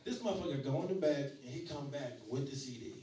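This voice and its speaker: A man in his forties works through a stand-up set, his voice sitting high and his storytelling loose and full of profanity. The club sound is heavily roomy, and the mic is picking him up from some distance. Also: quick pace, mellow. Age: 40s. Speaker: stand-up comedian. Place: small comedy venue.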